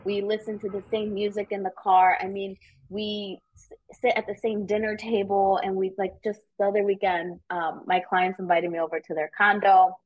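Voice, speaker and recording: Woman guest, animated and casual, mid pitch, slightly muffled podcast sound. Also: moderate pace. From United States. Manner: animated storytelling, swears casually. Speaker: realtor guest. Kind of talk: casual interview chat.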